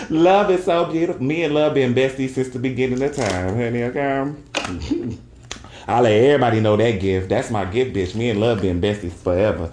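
A man podcasting in a brash, profane casual rant, laughing often and tagging lines with "okay?". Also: normal speed. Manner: jumps into high falsetto for quoted bits; frequent laughter and "okay?" tags. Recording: roomy echo.

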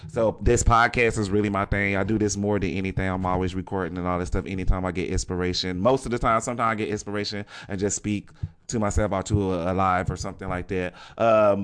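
Blunt, cussing man with a smooth voice. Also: on the low side, fairly bright tone. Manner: blunt, profane, repeats "okay?". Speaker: podcast host. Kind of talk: casual motivational monologue.

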